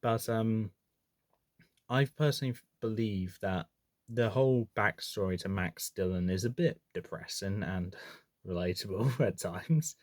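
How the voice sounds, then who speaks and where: A man's voice: on the low side, unhurried, a little mellow, no echo, clean studio sound. A man giving a casual, opinionated film ranking, chatty and often correcting himself mid-sentence. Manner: chatty, opinionated, self-correcting with frequent restarts. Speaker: movie reviewer. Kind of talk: casual movie ranking commentary.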